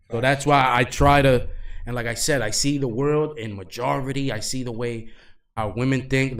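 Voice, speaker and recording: A man hosting a podcast, talking loudly and animatedly in casual, profane chat. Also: mid-range voice. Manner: loud, animated, profane storytelling. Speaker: podcast host.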